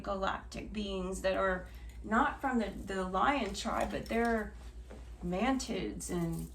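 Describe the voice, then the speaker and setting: A woman's voice: mid-range voice, vocal fry. A middle-aged woman reading oracle cards in a casual spiritual chat, rambling and emotional and often trailing off and restarting. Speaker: oracle card reader. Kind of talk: casual spiritual channeling talk. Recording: far from mic, faint noise.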